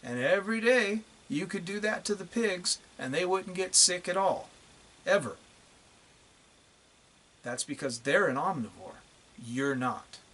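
A man's voice: high voice, lively intonation, measured pace, long pauses, a bit bright. A man ranting bluntly to the camera in a profane, repetitive video monologue. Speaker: vlogger.

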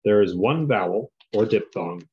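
Low-voiced man reading a textbook aloud. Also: lively intonation, moderate pace. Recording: dull lo-fi classroom recording.

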